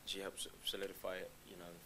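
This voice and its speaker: Young man, very low voice, rapid hesitant talk with frequent restarts, stage Q&A guest. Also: monotone, noisy background. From London. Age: young adult. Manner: hesitant, restarts often, laughs lightly. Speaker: actor guest. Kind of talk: live Q&A conversation. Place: live stage event.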